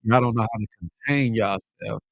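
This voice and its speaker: A man's voice: medium pitch, moderate pace, no echo, studio quality. A middle-aged man hosting a morning livestream, reading viewer comments aloud in casual, slangy banter, often laughing. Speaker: host of a morning livestream show.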